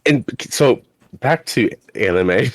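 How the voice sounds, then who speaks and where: A man's voice: mid-range voice, lively intonation, slow pace, no room sound. A young man from Canada co-hosting a casual podcast, rambling and laughing as he reads out the chat. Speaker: podcast co-host.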